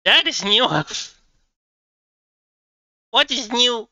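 A woman streaming a game live from her home computer setup, thinking out loud, laughing often and swearing freely. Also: fairly high pitch, very slow, no room sound.

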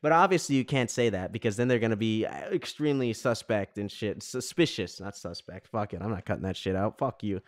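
A man's voice: fairly low pitch, animated, fairly quick, hardly any pauses. A young man from New York telling a story in a profane, exasperated rant as a podcast host. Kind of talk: ranting casual monologue.

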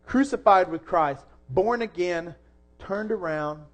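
Young pastor guy preaching in church, high voice, earnest, gets loud then goes quiet. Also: slow. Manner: earnest, swings from soft to loud emphasis. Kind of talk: sermon.

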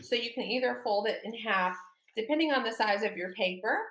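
A woman teaching a second-grade lesson, slowly and encouragingly, stressing words for young children. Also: fairly high pitch, roomy sound. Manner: slow, animated, encouraging, exaggerated emphasis for children.

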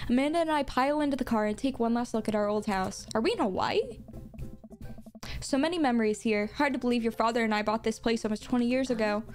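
An earnest, sentimental single father, as a woman reads him aloud. The voice is a touch high and stays soft and wistful. Faint game music runs underneath. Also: quick pace, close to an everyday voice. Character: sentimental single dad, player character.

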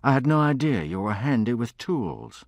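A man's voice: mid-range voice, lively intonation, moderate pace, gravelly, dry recording, voice pushed up. A man voicing a wealthy, pompous and condescending man in an audiobook, with an affected, posh way of talking. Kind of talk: audiobook character voice.

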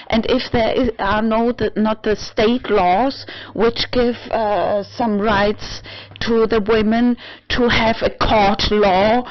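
Slow, halting woman, muffled home recording. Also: mid-range voice. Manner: halting, many restarts and fillers, swings into swearing and emotional outbursts; non-native English phrasing. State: tipsy. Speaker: vlogger. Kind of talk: rambling personal monologue. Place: own apartment.

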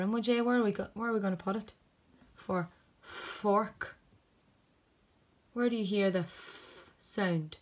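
A woman teacher, sounding out letters one by one in a phonics lesson for children. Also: mid-range voice.

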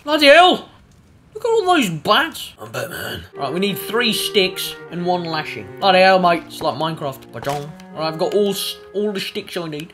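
Young male gamer, jumpy and profane, bright, animated delivery, some music behind. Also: on the high side. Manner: excitable, swears a lot, bursts into yelps. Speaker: gaming YouTuber. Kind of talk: let's play commentary.

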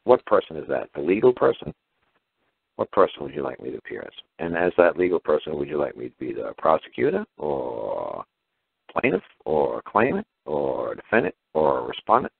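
Man, extremely low voice, gravelly fry, tinny phone sound, animated rhetorical questions. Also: normal speed, no room sound. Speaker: guest caller explaining legal ideas. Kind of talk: casual phone-in talk. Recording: tinny phone line, dry.

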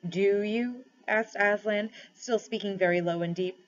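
A woman's voice: mid-range voice, steady tone. Woman teacher reading a chapter book to class, dull recording. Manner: storytelling read-aloud with pauses for questions. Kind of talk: reading a novel aloud for class.

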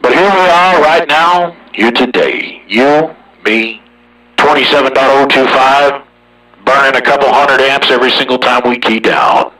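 A man talking casually over a CB radio, boastful and folksy, with a slow drawl. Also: mid-range voice, pushed and bright, distant mic, rough recording. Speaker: CB radio operator hosting the channel.

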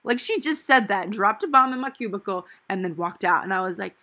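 A planner vlogger in her twenties, who is also a dental hygiene student, gives a casual, chatty voice-over while planning, rambling through her week with playful asides. Her mid-range voice is animated, pushed and bright, and fairly quick.

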